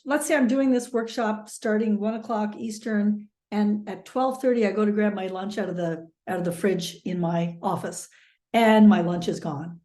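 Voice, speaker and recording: A woman teaching mediation in a webinar, talking through everyday examples with lively turns. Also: medium pitch, reverberant. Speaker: mediation trainer.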